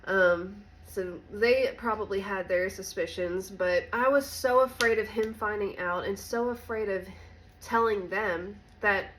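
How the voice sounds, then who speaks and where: Woman, vlog storytelling, candid and halting, soft-spoken, faint background noise. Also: mid-range voice, low-quality recording. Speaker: recovery vlogger. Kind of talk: personal storytelling.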